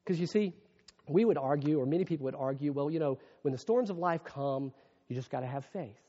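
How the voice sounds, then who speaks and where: A man preaching a sermon as pastor, moving between hushed, reflective passages and raised, emphatic preaching. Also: fairly high pitch, normal speed, long pauses. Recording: muffled long-reverb hall sound.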